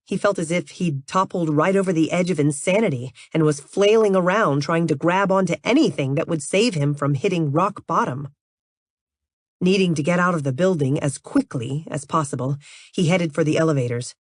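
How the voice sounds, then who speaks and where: A woman with a low, deep voice reads an audiobook aloud in an even, measured way. The recording is close and dry, with no room sound around her. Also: no room sound. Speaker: audiobook narrator. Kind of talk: scripted audiobook narration.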